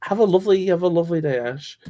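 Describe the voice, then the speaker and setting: Casting: mid-pitched streamer, mild northern English accent, sweary and animated. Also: very fast. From north of England. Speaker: streamer co-host. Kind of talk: casual chat over a game stream.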